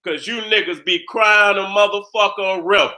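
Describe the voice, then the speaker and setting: A man with a high, very bright, forceful voice delivers a fired-up monologue from his own channel. He is boastful and combative, swears freely, and keeps circling back to the same phrases while checking that his listeners understand him. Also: normal speed.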